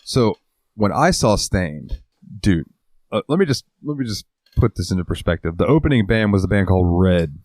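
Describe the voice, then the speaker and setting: A man's voice: sits low, expressive, moderate pace, a little mellow, no room sound. A man co-hosting a podcast, telling long rambling stories in casual chat and swearing freely. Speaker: podcast co-host.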